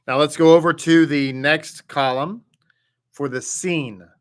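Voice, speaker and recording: A man teaching a Hebrew reading class, patiently reading each word and repeating it. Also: medium pitch. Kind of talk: slow word-by-word reading lesson.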